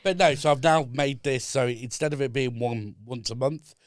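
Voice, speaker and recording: Brief: male business guest, steady step-by-step explainer, middle pitch, dry studio mic. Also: dry recording. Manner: measured, explaining step by step with many fillers. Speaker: podcast guest, business consultant. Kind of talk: casual chat. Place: podcast studio.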